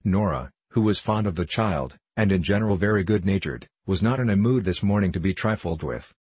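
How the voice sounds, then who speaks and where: A man reading a children's storybook aloud in a measured, even way. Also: low-pitched, husky, dry recording. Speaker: audiobook reader. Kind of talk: scripted narration of a children's book.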